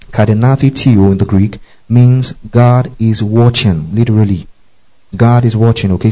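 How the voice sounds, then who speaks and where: A man's voice: lowish voice, warm tone, low-quality recording. A man teaching a Bible study, reading scripture aloud, spelling out Greek words and often asking his listeners "you see that?". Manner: checks understanding with frequent "okay?" and "you see that?".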